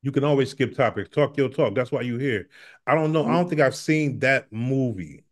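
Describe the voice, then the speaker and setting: Relaxed male interview host. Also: mid-range voice, normal speed. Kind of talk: casual interview.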